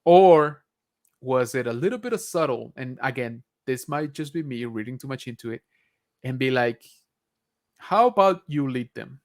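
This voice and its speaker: A man's voice: medium pitch, normal speed, a little mellow. A man co-hosting a casual podcast review, talking in a rambling way with many fillers and restarts. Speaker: podcast co-host. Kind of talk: casual chat.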